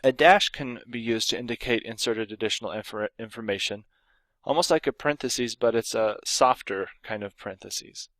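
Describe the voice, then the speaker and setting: A man's voice: on the low side, moderate pace, fairly bright tone, dry recording. Dry-voiced man teaching grammar. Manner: explains with read-aloud example sentences, some fillers and restarts. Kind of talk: recorded lesson.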